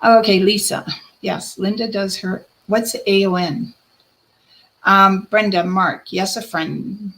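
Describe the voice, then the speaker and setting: A woman hosting a live-stream card reading as a psychic medium, addressing viewers by name in a gentle, reassuring way. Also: mid-range voice, steady tone, takes it slowly, poor audio.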